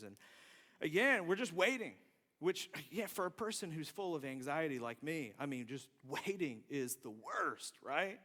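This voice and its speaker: A man telling a personal story in a sermon, self-deprecating and animated. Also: a little high, measured pace. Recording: long reverb from a large hall.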